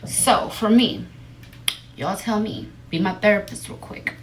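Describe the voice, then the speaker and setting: A woman livestreaming, telling a story to her viewers in a blunt, profane, animated way, often into a phone mic. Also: medium pitch, measured pace, a little hiss or hum. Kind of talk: casual storytelling to a live audience.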